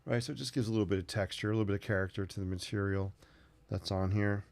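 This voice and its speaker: A man's voice: fairly low pitch, fairly even intonation, fast talker, vocal fry, a little mellow. A man hosting his own sketching channel, chatting casually and thinking aloud as he draws. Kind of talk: casual narration while sketching.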